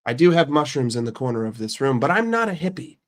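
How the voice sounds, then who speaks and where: A man's voice: medium pitch, big pitch swings, fast. A young adult man from the United States hosting his channel, ranting casually with heavy swearing and a brash manner. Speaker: streamer and channel host. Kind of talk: casual profane rant.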